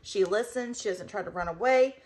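A woman chatting casually at home about her pets, animated, slipping into baby talk with the dogs. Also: medium pitch, brisk, low-quality recording. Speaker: vlogger and dog owner. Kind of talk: casual chat.

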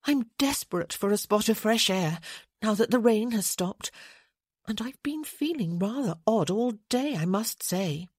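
A woman's voice: mid-range voice, expressive, a little slow, husky, no room sound, studio quality, pitched above the performer's own voice. A woman voicing a meddling young noblewoman, coaxing. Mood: earnest coaxing. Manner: coaxing, gently insistent.

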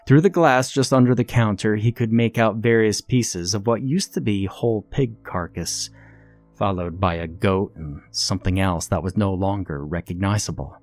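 A man reading a scripted horror story in a measured, ominous storytelling manner. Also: lowish voice, darkish tone. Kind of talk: scripted narration. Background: faint music.

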